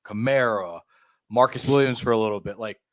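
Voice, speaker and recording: A man's voice: fairly low pitch, fairly quick, no room sound, studio quality. A man co-hosting a casual sports podcast, talking conversationally and asking long, probing questions. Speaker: podcast co-host.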